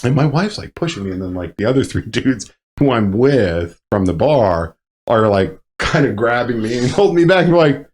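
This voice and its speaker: A man, a Marine veteran, telling stories in casual chat, profane and animated with loud bursts. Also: medium pitch, moderate pace. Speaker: podcast guest, Marine veteran.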